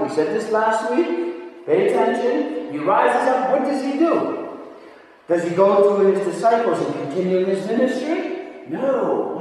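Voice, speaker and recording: A man's voice: sits high, darkish tone. A man preaching a sermon, emphatic, asking rhetorical questions and repeating phrases. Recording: echoey hall, voice far from mic.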